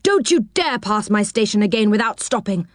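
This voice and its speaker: A woman's voice: medium pitch, animated, moderate pace, dry recording, clean studio sound, lightly acted. A woman voicing a cross, scolding railway guard in a storybook reading.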